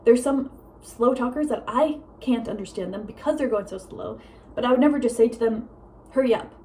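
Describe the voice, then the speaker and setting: Fast-talking young woman rambling at home. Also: on the high side, mellow, a little hiss or hum, rough recording. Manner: fast talker, rambling with many fillers. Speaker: vlogger. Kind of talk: casual rambling vlog. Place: home with a meowing cat.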